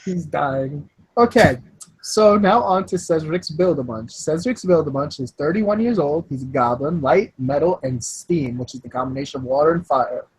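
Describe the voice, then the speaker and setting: This host has a very husky, breathy voice at a middle pitch. The delivery is brash and joking in a loose group chat on a call, with a steady hand on the running order. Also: rough recording. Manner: brash and joking, steers the discussion. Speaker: podcast host.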